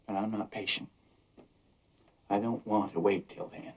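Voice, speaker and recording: An actor in a 1950s film plays a dreamy, restless young man who yearns to leave home, brooding and bitter as the restless son. His voice is lowish and husky, with a steady tone and a slightly slow delivery.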